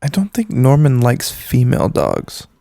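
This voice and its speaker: Man, podcast co-host, teasing, gravelly, lively pitch. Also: no echo. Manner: teasing, quick one-liners. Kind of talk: casual chat.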